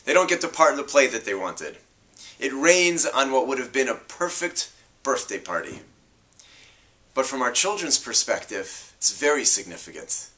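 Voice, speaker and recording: A man, a rabbi, giving an earnest, measured scripted talk on parenting. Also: mid-range voice, big pitch swings, pushed and bright.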